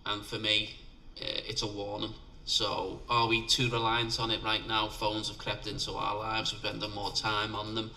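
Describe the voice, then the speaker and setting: A man's voice: lowish voice, completely flat delivery, normal speed, hardly any pauses, pushed and bright, a little hiss or hum. A middle-aged man with a Liverpool accent, a filmmaker guest talking bluntly and laughing at himself in a casual interview. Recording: distant mic.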